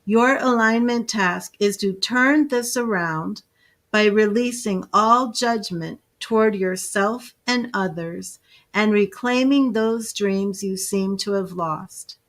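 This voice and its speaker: A woman giving a live tarot reading, slowly invoking goddesses and reading card meanings aloud in a soothing way. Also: medium pitch, fairly bright tone. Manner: slow, soothing, invoking spirits. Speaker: tarot reader.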